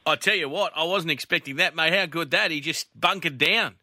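Australian man, radio host, bright forceful voice, dry studio sound, jokey banter. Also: a little high, a little fast, no room sound. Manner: laughing, joking banter. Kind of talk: casual radio panel chat.

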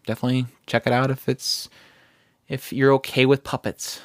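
A man's voice: mid-range voice, flat delivery, normal speed, no echo, clean studio sound. A man co-hosting a podcast, rambling in a casual chat with many fillers and restarts. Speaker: podcast co-host.

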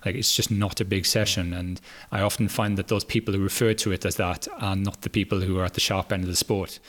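Relaxed British man, low voice. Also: fast. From Britain. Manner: relaxed, thinks aloud with many fillers and restarts. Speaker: guest, former hurdler. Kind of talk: casual podcast interview.

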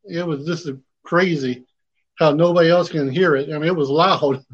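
A man with a fairly high voice tells what happened on a ghost hunt in plain, colloquial words. The audio is dull and lo-fi. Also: steady tone, normal speed, husky. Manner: plain, colloquial speech with nonstandard grammar. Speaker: paranormal investigator. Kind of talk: casual storytelling.

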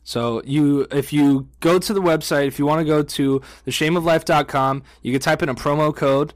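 Man, podcast co-host, casual chat, laid-back, jokey, slightly high voice, dry close sound. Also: moderate pace, no room sound.

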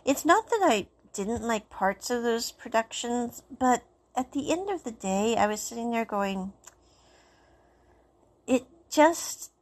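A woman casually recapping and reviewing a drama, rambling and circling back with "so anyway". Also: fairly high pitch. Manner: rambling, keeps saying "so anyway".

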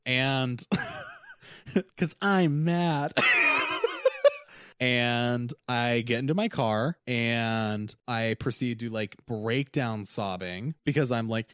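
A man's voice: mid-range voice, clear, resonant tone, no echo, studio quality. A young man co-hosting a podcast, telling a story in a casual chat, acting out quotes and laughing often. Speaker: podcast co-host.

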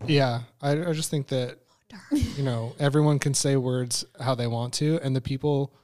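A man joining a casual chat, relaxed and easygoing in how he talks. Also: medium pitch, normal speed.

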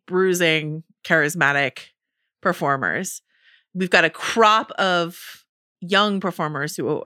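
A woman co-hosting a podcast in casual chat, animated and quick with playful counterpoints. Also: on the low side, no room sound, clean studio sound. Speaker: podcast co-host.

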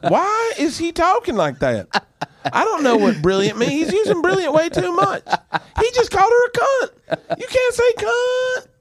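A man mocking loud, indignant adult American TV viewers in a shrill, squealing voice. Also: very animated, normal speed. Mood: outraged.

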